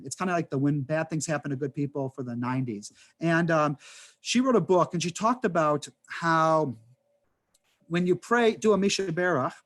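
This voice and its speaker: A man with a fairly high voice teaches an adult class as a rabbi, speaking over a video call. He talks conversationally, telling anecdotes and stacking up rhetorical questions. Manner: animated storytelling with rhetorical questions and asides.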